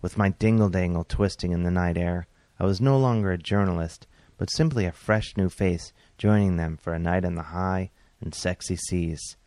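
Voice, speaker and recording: A man, a comedian and author, reading his own comic story aloud in a wry, deadpan way with bursts of exasperation. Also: low voice, moderate pace, no echo.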